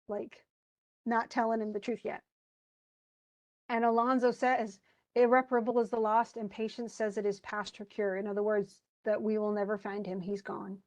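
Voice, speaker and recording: On a rough recording, a woman with a fairly high voice teaches a play at a moderate pace in a casual lecture. She reads quoted verse, then retells it in plain, chatty words, sounding animated and full of fillers and restarts.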